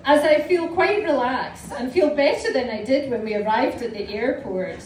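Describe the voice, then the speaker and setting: A woman's voice: sits high, animated, normal speed, a little mellow. A Scottish woman in her forties reading aloud from her teenage diary to a live audience, with a wry, amused storytelling manner. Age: 40s. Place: small indoor live venue. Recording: roomy, distant mic with audience noise.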